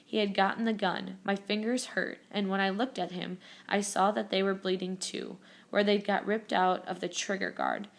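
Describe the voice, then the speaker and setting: A woman reading a novel aloud as first-person narration, steady, with small self-corrections. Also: mid-range voice, normal speed, gravelly, few pauses. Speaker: reader. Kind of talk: audiobook narration.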